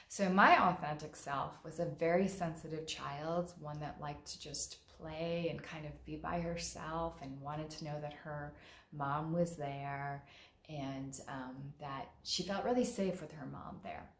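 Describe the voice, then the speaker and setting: A female mental health therapist gives a casual, frank, conversational monologue, vividly acting out quoted lines. Her deep voice is steady and unhurried, with a little hiss or hum and a roomy echo in the recording.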